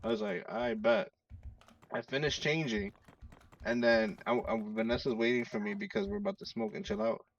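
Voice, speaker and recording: A man telling a story in casual chat, animated and acting out the quoted lines. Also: high voice, brisk, vocal fry, distant mic, lo-fi sound. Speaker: storyteller among friends.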